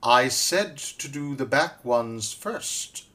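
A man doing a cunning storybook crocodile who grins and coaxes, stretching his words slow. His voice climbs and swoops as he eggs the poor dentist on. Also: on the high side, big pitch swings, a bit bright, exaggerated voice. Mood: sly coaxing. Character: sly, grinning male crocodile with big jaws.

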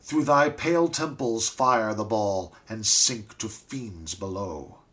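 A man's voice: mid-range voice, slow pace, a bit bright, voice pushed up. A man reading a ballad aloud, voicing a grief-stricken young woman with a raised, anguished, pleading delivery. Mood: cursing.

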